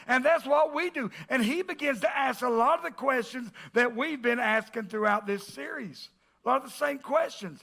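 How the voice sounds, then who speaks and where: High, bright-voiced pastor preaching. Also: male voice, lively intonation, normal speed, vocal fry. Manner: joking with the congregation, bursts of emphatic shouting. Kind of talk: sermon. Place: church sanctuary.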